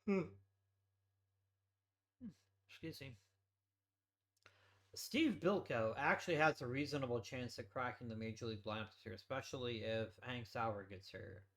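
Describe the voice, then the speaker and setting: A man's voice: medium pitch, moderate pace, pauses often, a bit bright. A man hosting a let's play, giving casual gameplay commentary as he thinks aloud and swears offhandedly.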